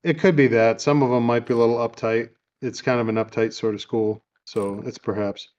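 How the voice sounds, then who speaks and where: A man hosting a casual chat, recapping a movie in a relaxed, rambling way with lots of fillers. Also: mid-range voice, a little fast, muffled recording. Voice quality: easygoing, rambling with many fillers. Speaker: podcast host. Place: home room.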